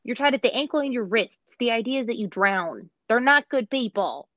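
A woman's voice: a little high, lively intonation, moderate pace, dry recording, dull audio. A woman in casual chat, talking in an opinionated way with lots of fillers. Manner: chatty, opinionated, many "like" fillers.

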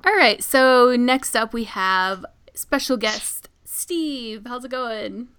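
A woman's voice: fairly high pitch, takes it slowly, sharp tone, clean tone. A woman hosting a podcast interview, upbeat and laughing easily between short encouraging replies. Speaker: podcast host.

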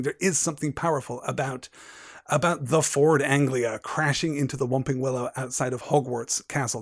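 A man's voice: a little high, no echo, studio quality. Man giving a reflective book analysis. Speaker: podcast host. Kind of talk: literary analysis talk.

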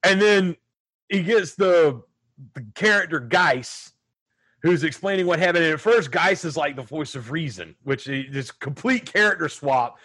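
A man hosting a casual podcast movie review, animated and prone to goofy impressions. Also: fairly high pitch, normal speed, breathy edge. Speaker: podcast host.

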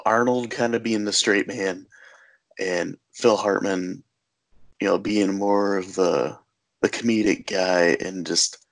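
A man hosting a podcast, chatting casually about a film with fillers and easy laughter. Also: deep voice. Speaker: podcast host. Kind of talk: casual movie discussion.

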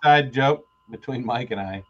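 A man's voice: medium pitch, fairly bright tone. Laid-back man with dull lo-fi sound. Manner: laid-back, halting, chuckling. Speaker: podcast guest. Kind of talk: casual chat.

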